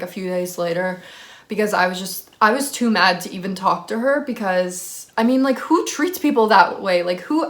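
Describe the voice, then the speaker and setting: A woman's voice: medium pitch, a bit bright. A young woman telling a storytime vlog story, rambling and heated, with lots of "like". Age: young adult. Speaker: vlogger.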